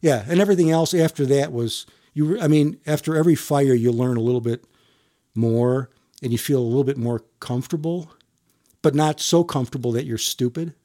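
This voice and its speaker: A middle-aged man and firefighter telling a story in an interview, rambling and halting, repeating words and chuckling often. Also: mid-range voice, dark tone.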